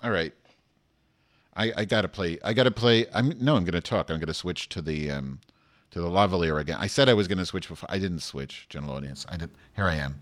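A man hosts a solo podcast, his voice sitting a bit low. He rambles, and he throws out crude, camp asides as he goes. He speaks into a lavalier microphone. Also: quick pace, fairly bright tone. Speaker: host.

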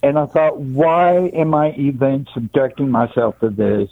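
A man's voice: medium pitch, fairly even intonation, measured pace, no echo. A man calling in by phone, talking bluntly in a casual chat. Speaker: caller. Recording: tinny phone line.

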